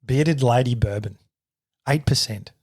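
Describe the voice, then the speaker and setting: A man's voice: mid-range voice, measured pace, darkish tone, slightly rough, no room sound. An Australian man co-hosting a casual podcast, swearing freely and laughing off his mistakes. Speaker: podcast co-host. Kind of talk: casual banter.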